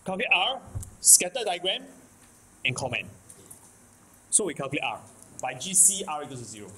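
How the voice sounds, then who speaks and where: A Singaporean man lectures on math in a fairly high voice that swings widely in pitch. He repeats himself for emphasis and keeps checking that students follow. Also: sing-song, normal speed, pushed and bright, a little hiss or hum, low-quality recording. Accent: Singaporean English. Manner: repetitive, keeps checking in with "okay? can?". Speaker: math teacher. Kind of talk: classroom lecture.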